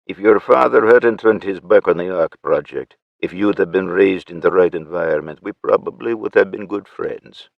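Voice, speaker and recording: A man's voice: sits low, moderate pace, gravelly, hardly any pauses, no room sound, narrow, tinny audio. A man voicing a sly, cold male Russian commander with a Russian accent and a smug, menacing drawl. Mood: gloating.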